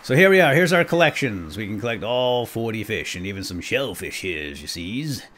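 A middle-aged man giving casual, chatty gameplay commentary, breaking into excited exclamations. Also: lowish voice, fairly quick. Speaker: let's play host.

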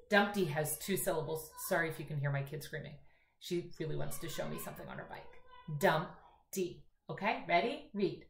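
A woman kindergarten teacher giving an online phonics lesson from home, speaking slowly and clearly with encouragement. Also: on the low side, a bit bright, roomy sound. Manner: slow, clear and encouraging, drawn-out reading aloud. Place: home room.

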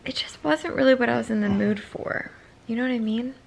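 A woman vlogging casually at home, playful and teasing, quick to laugh. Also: fairly high pitch, gravelly. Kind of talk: casual home vlog chat. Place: home kitchen and living room. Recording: noisy home recording.

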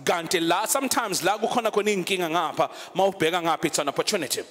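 A man's voice: high voice, very fast, fairly bright tone, long reverb tail. A man preaching a sermon, switching between English and Zulu and reading scripture aloud. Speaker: pastor. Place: church.

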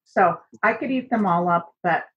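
This instructor has a lowish voice and keeps a moderate pace, teaching her online cooking and seaweed lesson chattily and filling it with verbal fillers. The on-camera class recording sounds dull and lo-fi.

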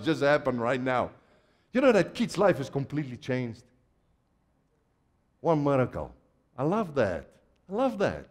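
A man from Africa preaching a sermon to a congregation, animated and full of laughter, swinging from quiet asides to loud exclamations. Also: medium pitch. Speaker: pastor. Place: large church hall. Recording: church hall reverb.

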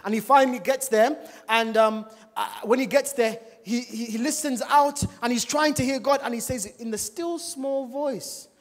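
A male preacher giving a church sermon, animated and full of rhetorical questions to the congregation. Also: very high voice, normal speed, few pauses. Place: church service. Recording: long reverb of a large church hall.

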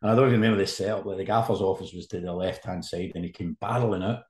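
Low-voiced man telling stories. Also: rapid-fire, slight background noise. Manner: animated anecdote-telling, lively asides. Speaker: sports journalist, podcast guest. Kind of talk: casual storytelling. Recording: roomy echo.

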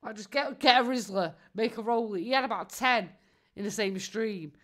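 A woman, a live streamer chatting casually and mocking her subject. Her voice sits a little high, and she laughs often and swears without a second thought. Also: moderate pace, fairly bright tone.

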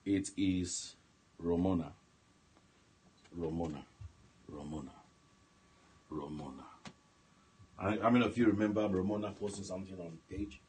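A man preaching on a prayer line, swinging from soft murmurs to shouted commands and speaking in tongues. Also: sits low, steady tone, normal speed, long pauses, a little hiss or hum. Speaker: pastor. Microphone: phone line broadcast.

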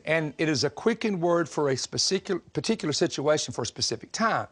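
A man from the southern United States preaching a sermon, telling stories in an animated, joking way and laughing often. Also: a little high, fairly quick. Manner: animated, humorous storytelling with frequent laughter.

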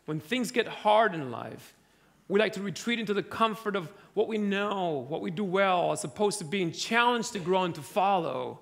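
A man's voice: sits high, gravelly, a bit bright. A man giving a sermon, telling funny stories to an audience that laughs along. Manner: humorous storytelling, audience laughing. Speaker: preacher.

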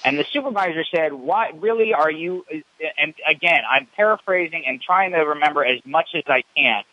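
A man calling in an indignant, halting way with lots of fillers and restarts, over muffled phone audio. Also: fairly high pitch, dry recording. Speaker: caller. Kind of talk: phone complaint.

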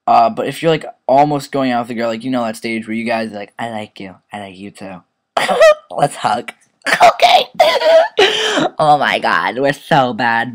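Brief: teen boy, offhand gaming commentary, crude jokes, rambling, average pitch, mock voices here and there. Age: teens.

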